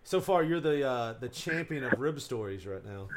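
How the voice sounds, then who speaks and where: A man's voice: medium pitch, animated, normal speed, a crowd in the background. A man hosting a podcast in casual chat, joking and cutting in with questions. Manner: joking, interjecting. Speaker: podcast host.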